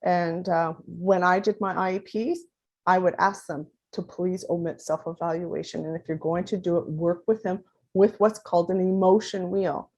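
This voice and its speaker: Woman in her 50s giving a talk, lively, keeps acting out little bits of dialogue. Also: fairly low pitch, normal speed, muffled recording. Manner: animated, acts out quoted dialogue. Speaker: parent advocate presenter. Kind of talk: conference talk.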